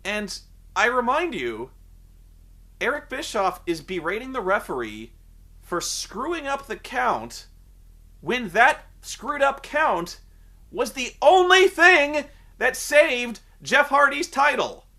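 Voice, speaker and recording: A man's voice: very high voice, takes it slowly, creaky. A man reviewing a wrestling show in a casual, sarcastic rant. He swears freely and drifts off on tangents. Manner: animated, profane, sarcastic, goes off on tangents. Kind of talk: casual ranting commentary.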